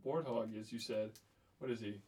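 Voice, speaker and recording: A man co-hosting a podcast, riffing with deadpan, crude, absurd humor in casual banter. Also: on the low side, moderate pace, a loud crowd. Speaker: podcast co-host.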